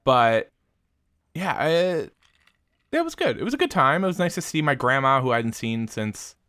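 A man's voice: medium pitch, very animated, moderate pace, pushed and bright, smooth, no room sound, studio quality. A young man co-hosting a podcast, chatting casually in a rambling, laid-back way with plenty of swearing. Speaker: podcast co-host. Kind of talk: casual chat.

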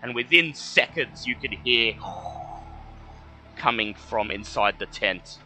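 A man narrating as game master, describing creatures and scenes in a measured storytelling way. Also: medium pitch, bright, forceful tone, soft background music, low-quality recording.

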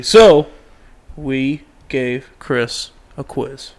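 A man's voice: medium pitch, steady tone, moderate pace, fairly bright tone, clean tone. A man hosting a casual podcast chat, joking around loosely, swearing freely and tripping over his words. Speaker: podcast host.

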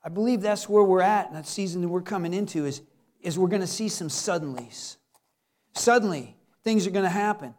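A man with a high voice preaches a lively sermon. He plays out people's inner thoughts in quick asides. His talk is pastoral and animated.

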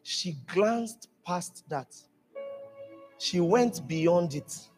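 Animated high-voiced male preacher. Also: drawn-out words, long reverb tail, soft background music. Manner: emphatic, animated preaching with shouted peaks and acted quotes. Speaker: pastor. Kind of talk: sermon. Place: church hall.

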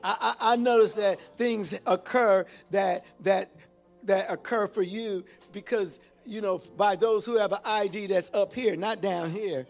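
A man with a high-pitched voice preaches a lively sermon, calling out to his congregation for responses. He repeats and restarts phrases as he builds a point. Soft music plays behind him. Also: unhurried, gravelly. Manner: animated preaching with call-and-response. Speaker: pastor.

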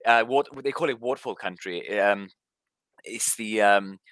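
A man's voice: on the low side, unhurried, a bit bright, no room sound. A man from Wales with a light Welsh accent, co-hosting a podcast in casual chat, rambling with many fillers and restarts. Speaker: podcast co-host.

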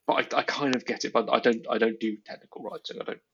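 A man's voice: mid-range voice, steady tone, fast talker, gravelly, a bit bright, breathy edge. A man in casual conversation, reflective and stumbling over repeated words as he thinks aloud. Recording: dull lo-fi audio.

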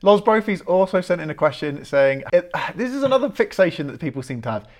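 A man's voice: sits high, big pitch swings, a little fast. A man hosting a podcast, reading out listener questions and laughing along with his guest. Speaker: podcast host. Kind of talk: casual podcast interview.

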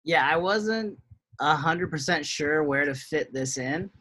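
Higher, bright-voiced man telling a story. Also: unhurried, rough recording. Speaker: podcast co-host. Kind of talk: casual podcast chat.

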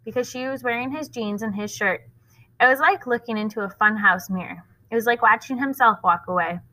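A woman reading a novel aloud at a school, expressive and pausing to explain the story to listeners. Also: a little high, rough recording.

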